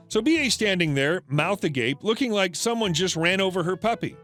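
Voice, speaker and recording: A man's voice: high-pitched, lively intonation, fairly quick, few pauses, fairly bright tone. A man narrating a retail story in a scripted, matter-of-fact reading. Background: faint background music.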